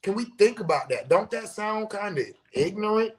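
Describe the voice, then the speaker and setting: An American podcast host with a high, expressive voice rants through a casual monologue at a moderate pace. He's profane and emphatic, talking with his hands.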